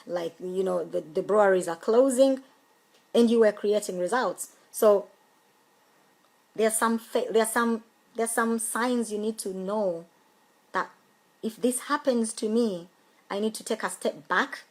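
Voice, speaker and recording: A middle-aged woman coaching on a motivational live stream, emphatic and repeating key phrases, pausing to greet viewers. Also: medium pitch, a little mellow, low-quality recording. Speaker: home business coach.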